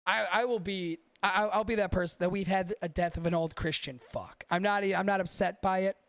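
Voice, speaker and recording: Brief: male podcast host, high gravelly voice, dry close sound, swearing and rambling with his chat. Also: fairly even intonation, brisk, a bit bright, no echo. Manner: profane, rambling, talks to chat. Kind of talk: casual livestream chat.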